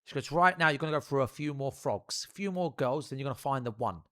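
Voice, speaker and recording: A man's voice: mid-range voice, quick pace. Profane young man telling a story. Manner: profane, rambling, animated storyteller. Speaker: streamer. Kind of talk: casual storytelling on a live stream.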